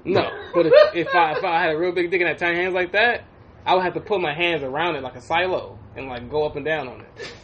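A man co-hosting a podcast in casual banter, profane and animated, often laughing and acting out quotes from others. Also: fairly high pitch, fast talker, highs cut off, crowd noise. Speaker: podcast co-host.

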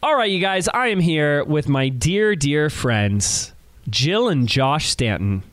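A man's voice: fairly high pitch, big pitch swings, slow, a bit bright, dry recording. A man hosting a podcast in an upbeat, emphatic, friendly way, introducing his guests. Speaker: podcast host.

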